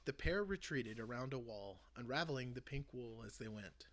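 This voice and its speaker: Animated man reading a children's book aloud. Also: medium pitch, moderate pace, few pauses. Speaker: channel host reading aloud. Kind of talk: storybook read-aloud.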